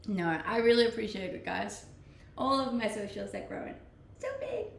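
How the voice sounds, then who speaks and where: A woman's voice: mid-range voice, moderate pace, gravelly, slight background noise. A young woman from Scandinavia with a Scandinavian accent, chatting playfully with her viewers as a streamer and laughing often. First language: Scandinavian language. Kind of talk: casual chat reading out viewer messages. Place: Australia, Gold Coast. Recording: echoey room.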